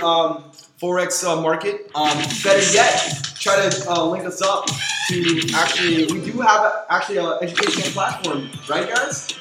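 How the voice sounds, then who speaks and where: A man hosting a casual podcast, upbeat and keeps calling out to his listeners. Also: sits high. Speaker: podcast host. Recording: roomy room with loud music behind.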